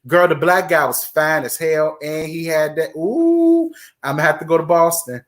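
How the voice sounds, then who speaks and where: Animated man, raised pitch. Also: moderate pace. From Virginia, USA. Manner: animated and chatty, talks with emphatic repetition. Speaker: host of a live chat stream. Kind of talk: casual livestream chat, reading viewer comments.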